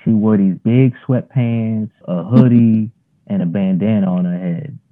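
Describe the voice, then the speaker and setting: Over what sounds like a narrow phone line, a yoga practitioner in his thirties rambles easily through a story as an interview guest, leaning heavily on fillers. His pitch is fairly low and his pace a little slow.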